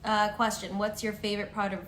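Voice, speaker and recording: A woman's voice: medium pitch, little pitch movement, fairly quick, crowd noise. A woman reading out viewer questions and laughing along in a casual live-stream chat. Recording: echoey room.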